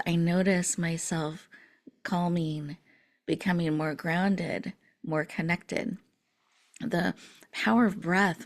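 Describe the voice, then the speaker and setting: Woman, slightly low voice, guided meditation, soothing, near-whispered stretches. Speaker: summit host.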